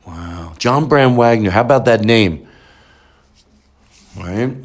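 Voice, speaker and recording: Excitable rambling male podcast host. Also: slow pace. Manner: excitable, rambling, jumps up in pitch. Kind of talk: excited casual chat.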